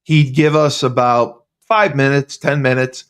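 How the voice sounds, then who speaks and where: A man's voice: medium pitch, fairly even intonation, measured pace, a bit bright, smooth. A man, a former teammate, chatting casually on a podcast and repeating his points insistently. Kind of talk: casual chat.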